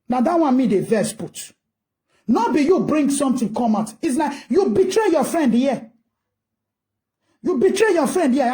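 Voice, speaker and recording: Nigerian woman, ranting commentary, scolding rhetorical tone, high-pitched, mellow voice. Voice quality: mixes English and Pidgin, scolding and rhetorical.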